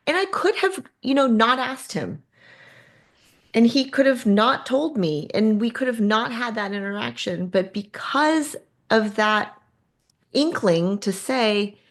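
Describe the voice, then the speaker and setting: A woman guest telling a personal story in conversation, animated and acting out the people in it. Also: a little high. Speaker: guest, artist.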